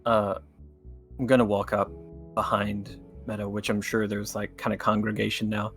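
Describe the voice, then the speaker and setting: A man's voice: lowish voice, completely flat delivery, normal speed, gravelly, a bit bright, soft background music. A man playing a tabletop game, talking casually and loosely with fillers. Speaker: player.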